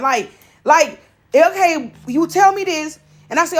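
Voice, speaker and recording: High-voiced animated woman storyteller. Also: moderate pace. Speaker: preacher storyteller. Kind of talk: casual spiritual testimony.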